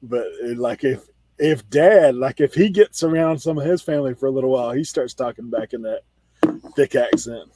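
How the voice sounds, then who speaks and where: A man's voice: mid-range voice, normal speed, warm tone, no room sound. Male reseller host, drawl, casual banter, fillers galore, dry close mic. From Outer Banks, North Carolina. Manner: chatty, laughs often, says "like" a lot. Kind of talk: casual chat on a video call hangout.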